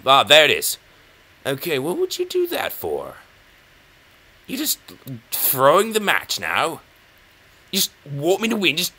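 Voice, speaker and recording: An English man hosting a chess channel, commenting loosely on his game and rambling to himself. His voice is bright and gravelly with a lot of creak. He speaks slowly, with pitch that rises and falls a lot. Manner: rambling, self-mocking, talks to himself and the opponent.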